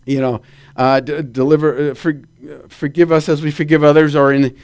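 A man preaches with a notably high voice, leaning into vivid storytelling. He keeps asking his listeners to say amen as he goes. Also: moderate pace. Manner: animated storytelling with calls for amen. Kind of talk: sermon.

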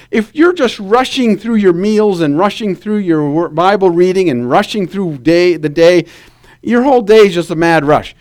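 A man preaching a sermon, telling stories in an animated way and asking the congregation to say amen. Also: high voice, normal speed. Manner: animated storytelling with calls for amen.

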